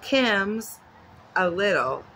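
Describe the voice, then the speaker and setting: A woman's voice: medium pitch, very animated, extremely slow, sharp tone, a little hiss or hum, low-quality recording. A woman vlogging at home in a casual, chatty way, rambling off into asides. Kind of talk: casual chat. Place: at home with her dog nearby.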